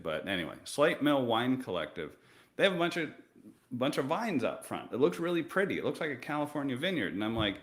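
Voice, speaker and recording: A man hosting a casual livestream, talking in a rambling, joking way with quick asides. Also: mid-range voice, very animated, a bit bright. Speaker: company co-founder hosting a livestream.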